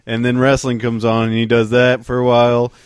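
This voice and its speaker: A man's voice: medium pitch, completely flat delivery, a little fast, clear, resonant tone, no room sound, clean studio sound. A man co-hosting a podcast, chiming in with wry, profane jokes about his friend's family. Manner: wry, swears freely, riffs on his friend's stories. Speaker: podcast co-host. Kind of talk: casual podcast chat.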